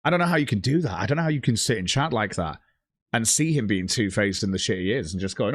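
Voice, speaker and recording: A man's voice: fairly low pitch, lively intonation, quick pace, slightly rough, no echo, studio quality. A man ranting on a livestream, blunt and heavily profane, reading out chat messages. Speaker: streamer.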